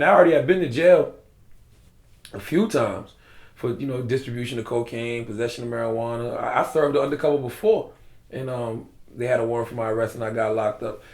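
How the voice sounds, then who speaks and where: A man's voice: fairly high pitch, vocal fry, a little mellow, roomy sound. A man from South Carolina with a South Carolina accent, telling a story in casual, slangy interview talk. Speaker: guest.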